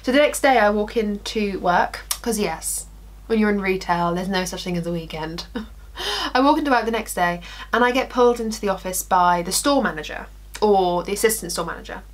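A woman's voice: medium pitch, brisk. A woman in her twenties, a beauty vlogger chatting through a story while doing her makeup. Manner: animated storytelling, acting out quotes, laughing.

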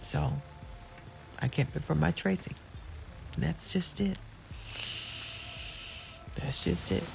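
Middle-aged woman, gravelly voice, casual vlog chat, playful, talks right to the viewers. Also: sits low, slow, long pauses, music in the background. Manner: chatty and playful, addresses viewers directly, laughs often. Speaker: channel host.

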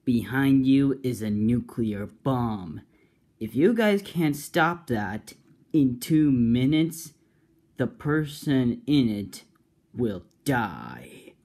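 A man voicing a boastful cloaked male villain who shouts taunts and threats. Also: medium pitch, very animated, drawn-out words, heavily acted. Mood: taunting.

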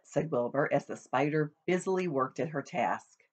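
A woman reading a children's book aloud in an expressive storytelling manner. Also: sits low, normal speed, breathy edge, dull audio. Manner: expressive, shows pictures to listeners. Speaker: storybook reader.

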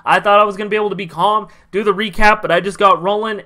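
A man's voice: sits high, fairly even intonation, fast talker, hardly any pauses, bright, forceful tone. A young man ranting with heavy profanity in a sports recap vlog. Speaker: sports vlogger.

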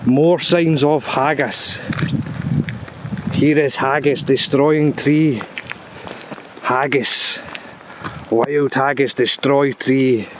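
A man, a tour guide giving deadpan mock-documentary narration in short clipped phrases, out in a woodland. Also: medium pitch, drawn-out words, pauses often. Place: woodland outdoors. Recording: outdoor noise behind the voice.

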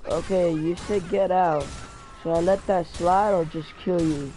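Excitable young male gamer. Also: sits high, measured pace, faint music behind, low-quality recording. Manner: excitable, mild swearing, talks to himself. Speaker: gaming channel host. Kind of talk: live gameplay commentary.

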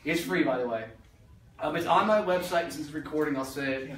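This man's slightly high voice moves a little fast, with a fairly bright tone and slight background noise. He's a motivational speaker talking to businesspeople in a meeting room, bluntly and jokingly, with casual swearing. A roomy echo from far off colors the recording.

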